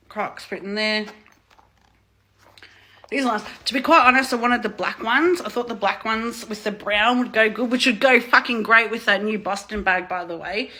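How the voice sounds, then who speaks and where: Excitable bright-voiced woman unboxing. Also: fairly high pitch. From Australia. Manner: excitable, gushing, swears freely. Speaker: vlogger. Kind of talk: casual unboxing vlog.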